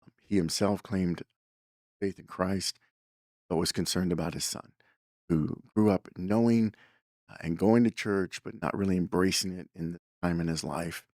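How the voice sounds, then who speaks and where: A man's voice: low voice, moderate pace, a little mellow, no echo, studio quality. A man hosting a show, telling a story in a casual, rambling way, with lots of fillers and self-corrections. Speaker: podcast host.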